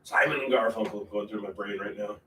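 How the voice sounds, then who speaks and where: A man hosting a painting livestream, rambling in casual chat with sudden loud bursts. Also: on the low side, steady tone, brisk, slight background noise. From Portland, Oregon area. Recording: roomy, from a distance, faint ambience.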